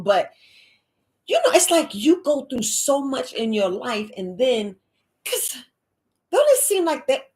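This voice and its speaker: A woman's voice: fairly high pitch, normal speed. A woman, hosting a live Q&A and telling a personal story in a casual, dramatic way. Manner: animated, dramatic, exclaiming quoted reactions. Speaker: live Q&A host.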